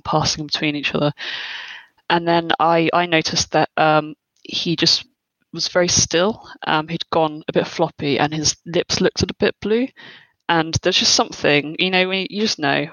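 A young adult woman speaks as an interview guest, hesitant and reflective. She pauses often and leans on fillers while she looks back on events. Her voice sits in a dry, close sound with no room echo. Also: low voice, fairly bright tone. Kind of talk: personal interview, recounting.

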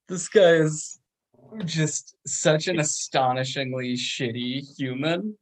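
A man from Long Island casually recapping a film on a podcast, acting out the characters' lines. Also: slow. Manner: laid-back, chatty, acts out characters' lines with big jumps in pitch. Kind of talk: casual chat.

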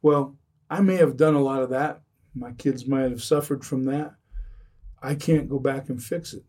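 A man's voice: medium pitch, steady tone, moderate pace, warm tone, slightly rough, recorded from a distance. A man who speaks about recovering from addiction, talking earnestly in a podcast conversation, often restarting and repeating his phrases.

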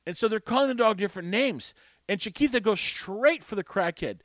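A man's voice: high-pitched, expressive, a little fast, a bit bright, dry recording. A man hosting a show, telling a rambling story in a wry, self-mocking way into a close mic. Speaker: show host. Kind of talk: casual storytelling monologue.

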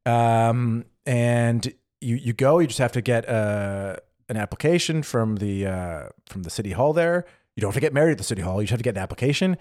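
A man's voice: medium pitch, a little fast, few pauses, dry recording, studio quality. A young adult man co-hosting a podcast, chatting casually and acting out little quotes as he tells a story. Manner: animated storytelling with acted-out quotes. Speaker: podcast co-host. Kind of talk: casual chat. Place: living in Germany.

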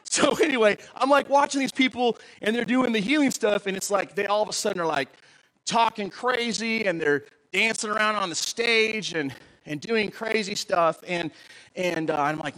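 A male pastor delivering a sermon in a high, very bright voice. His pitch swings widely as he jokes and quizzes the congregation. The delivery is animated and conversational. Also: moderate pace, rough recording. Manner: animated, joking, asks the audience questions.

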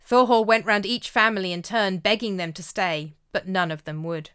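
A woman narrating a folk tale in a measured, expressive way. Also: mid-range voice, clean tone. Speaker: storyteller. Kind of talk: storytelling narration.

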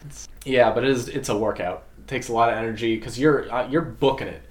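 A man's voice: medium pitch, fairly quick, roomy sound. A man chatting casually in an interview, telling anecdotes and acting out other people's voices. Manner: animated storyteller, acts out voices of others. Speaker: parade troll performer.

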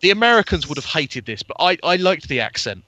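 A man's voice: on the high side, big pitch swings, a little fast, bright, forceful tone, dry recording. A man co-hosting a podcast, chatting eagerly and spinning theories about a TV show. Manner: enthusiastic, theorizing. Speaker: podcast co-host. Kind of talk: casual chat.

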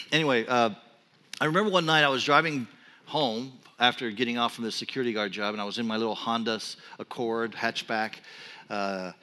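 Man preaching in a reverberant hall. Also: lowish voice. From Texas. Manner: storytelling, animated and self-deprecating. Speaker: pastor. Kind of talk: sermon. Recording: long reverb of a large hall.

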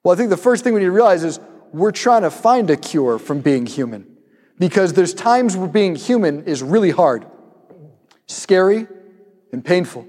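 A high-voiced man preaches to his listeners in a lively storytelling manner, repeating questions for emphasis. His voice rings through a large hall with long reverb. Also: moderate pace. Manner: storytelling, animated, rhetorical repetition. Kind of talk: sermon.

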